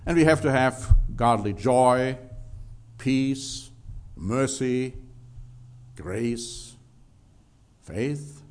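A man's voice: mid-range voice, very slow, long pauses. A man preaching a sermon, emphatic, reading scripture aloud and stressing key words.

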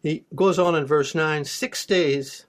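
A man's voice: a little high, takes it slowly. Man reading and explaining scripture. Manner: reads scripture aloud, then explains it plainly, with restarts. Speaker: preacher. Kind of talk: Bible study teaching.

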